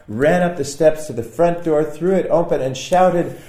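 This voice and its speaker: A man reading his own poem in a wry, musing way, with sudden loud outbursts. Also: mid-range voice, a little slow, echoey room. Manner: wry, musing delivery with sudden bursts of loudness. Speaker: poet. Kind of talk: poetry reading.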